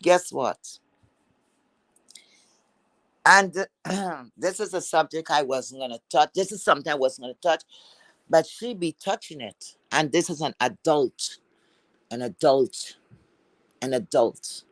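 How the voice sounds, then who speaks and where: A woman's voice: deep voice, a little slow, pauses often, no room sound. A woman with an accent, hosting a livestream and delivering a profane, scolding rant at someone in a mock-teacher tone. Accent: has a non-standard accent. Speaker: livestream host. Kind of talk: angry rant to viewers.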